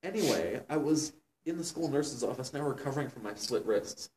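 Male comedy co-host doing a sarcastic dramatic reading, animated, slightly distant mic. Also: fairly quick, slight background noise. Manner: mocking, laughing, breaks into loud squeaky character voices. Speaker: podcast co-host reading a fan fiction aloud.

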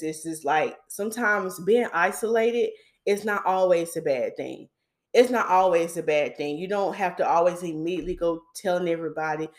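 A young woman hosting a podcast, talking casually and confidingly about her day and her faith, often repeating herself for emphasis. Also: on the low side. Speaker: podcast host. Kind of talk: casual personal faith talk.

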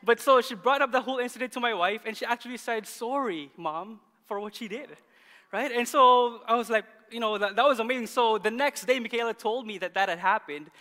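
A man in his thirties preaching a sermon as pastor, animated and often laughing as he tells a story. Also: very high voice, fast. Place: church hall. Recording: long church hall reverb.

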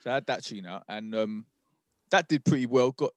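A man, a rapper, telling a story on a podcast in a halting, measured way. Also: medium pitch, no echo. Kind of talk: casual chat.

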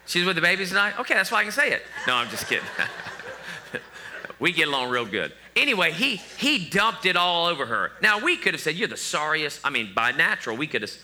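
A middle-aged male pastor preaches in a high, very bright voice whose pitch roams freely. Very animated and fast with few pauses, he keeps the sermon conversational, tossing joking asides to the congregation, over a little hiss or hum.

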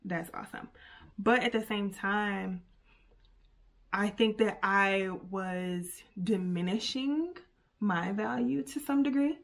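A young woman hosts her own podcast, chatting in an easygoing, unhurried way. She rambles a little, laughs at herself and fills gaps with plenty of fillers. Her voice sits at an ordinary middle pitch. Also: vocal fry. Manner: chatty, animated, lots of fillers and asides. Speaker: podcast host. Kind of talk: casual solo podcast chat.

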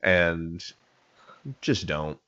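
A man's voice: low-pitched, flat delivery, extremely slow, sharp tone, clean tone, highs cut off. A man in a casual podcast chat, reflective and conversational. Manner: conversational, reflective, laughs hard at jokes.

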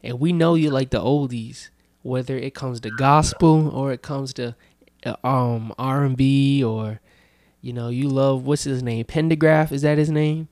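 A man's voice: mid-range voice, fairly even intonation, measured pace, darkish tone, dry recording, clean studio sound. A young man hosting a podcast, chatting casually and joking with friends. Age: young adult. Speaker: podcast host. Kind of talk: casual chat.

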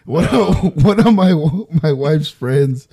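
A man's voice: on the high side, slow pace, gravelly, husky. A man co-hosting a podcast, telling stories in a casual chat and swearing freely. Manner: swears freely, animated storyteller. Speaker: podcast co-host.

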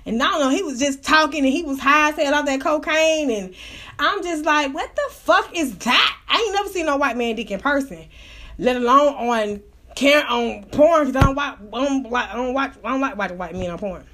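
A woman with a high, bright voice telling a casual story on her show. She is profane, loose and animated, full of slang. She laughs easily along the way. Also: a little fast. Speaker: podcast host telling a story.

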